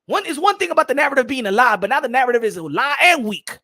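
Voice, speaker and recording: Young US male commentator, high and sharp-toned, loud mocking slangy rant delivery. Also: very animated, quick pace. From United States. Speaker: boxing commentator. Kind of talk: animated ranting commentary.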